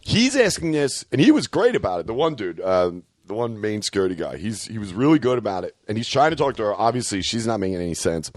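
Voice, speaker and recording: A man's voice: on the low side, very animated, fast, few pauses, a little mellow, no echo, studio quality. A man telling a crude story in casual chat, swearing a lot and acting out what people said. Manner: profane, rambling storyteller, acts out quotes.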